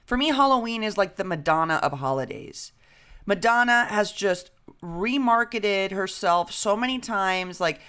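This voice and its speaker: A young woman co-hosting a podcast, chatting casually and telling stories with jokes and swearing. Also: fairly low pitch. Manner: animated, swearing, jokey storytelling. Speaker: podcast co-host. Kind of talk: casual chat.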